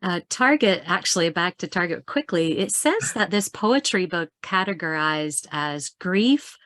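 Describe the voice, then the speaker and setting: A woman's voice: on the low side, animated, no room sound. A woman poet in her forties, chatting with easy laughter during an online interview and reading her poems aloud. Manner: chatty, laughs often, reads slowly and softly. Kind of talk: casual interview and poetry reading.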